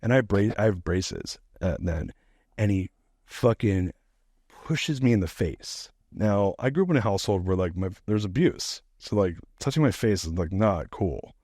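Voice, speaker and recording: Middle-aged guy telling a story, lots of swearing, lowish warm voice, dry close mic. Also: moderate pace, no echo. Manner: profane, animated, laughing storyteller. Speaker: podcast guest. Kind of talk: casual storytelling.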